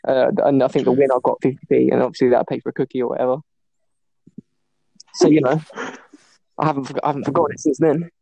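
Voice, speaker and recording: A young man hosting a casual podcast, telling lively stories, often laughing and acting out the voices of the people in them. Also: mid-range voice, gravelly, no echo. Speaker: podcast host. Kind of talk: casual chat.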